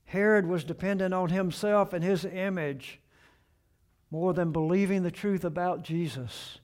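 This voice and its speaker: A male preacher delivers a sermon at an unhurried pace. His voice sits high for a man. He pushes the questions he quotes up in force and lets the ends of his points fall low and soft. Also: fairly even intonation.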